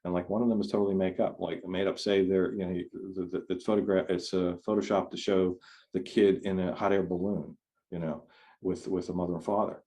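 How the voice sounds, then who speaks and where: A man's voice: low voice, level tone, a little fast, dark tone. A man giving a conversational talk over a video call, rambling and restarting his sentences often. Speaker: speaker. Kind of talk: online forum talk.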